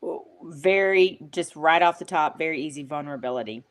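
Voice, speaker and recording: A woman guest on an interview show, talking in an emphatic, animated, motivational way with frequent fillers. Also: low-pitched, fairly quick. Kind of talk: motivational conversational talk.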